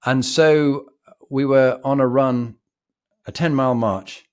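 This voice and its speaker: A man's voice: mid-range voice, slow, clear, resonant tone. A man with a posh British accent, a podcast guest telling vivid, reflective stories. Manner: reflective, vivid, animated storyteller. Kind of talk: anecdotal storytelling.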